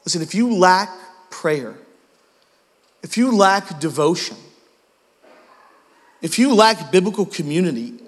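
Lively high-voiced male pastor preaching. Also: unhurried, long pauses, big-room sound. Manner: self-deprecating storytelling. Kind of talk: sermon.

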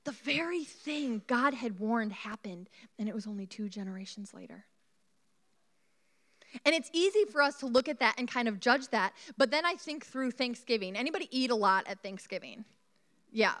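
A woman preaching a sermon, telling a personal story in an animated way and asking the congregation questions. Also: fairly high pitch.

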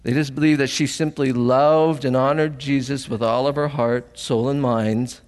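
A man's voice: mid-range voice, fairly even intonation, moderate pace, darkish tone, in a large hall. A man preaching a sermon as pastor, earnest and emotional, often asking the congregation questions, at times tearful.

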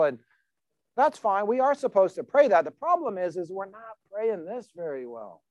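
A man's voice: high-pitched, very animated, a little slow, no echo, dull audio. A man preaching a sermon as pastor in a conversational, emphatic way, asking the congregation questions.

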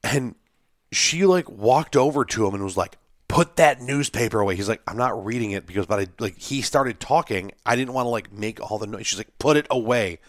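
A young man in casual podcast chat, telling an animated story, acting out quotes and swearing freely. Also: lowish voice, a little fast, no room sound, clean studio sound.

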